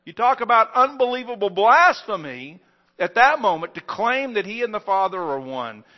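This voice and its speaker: A male preacher with a high voice delivers an emphatic sermon, pushing some phrases out loud and slow, then dropping others low and quiet. The recording is dull and lo-fi, like a plain church capture. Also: big pitch swings. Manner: emphatic preaching with wide swings in loudness and slow stressed phrases. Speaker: pastor.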